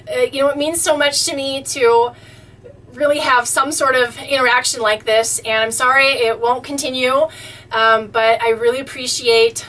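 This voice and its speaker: A woman's voice: sits high, fairly bright tone, far from the mic. A woman vlogger reading fan mail aloud in a casual, effusive way, easily touched and often exclaiming. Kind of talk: casual chat.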